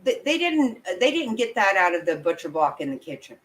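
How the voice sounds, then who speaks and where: A woman's voice: medium pitch, very animated, brisk, rough recording. A woman giving angry, blunt, profane commentary as a vlogger, talking straight to her viewers. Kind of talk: opinionated live commentary.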